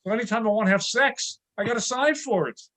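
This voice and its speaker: High-voiced man doing stand-up. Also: fast, bright, forceful tone. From New York. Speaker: stand-up comic. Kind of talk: stand-up comedy set.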